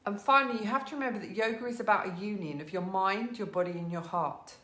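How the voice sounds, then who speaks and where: A woman teaching a live online yoga class from her living room, giving gentle, encouraging cues and greeting students by name. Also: medium pitch, fast talker, roomy sound. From England.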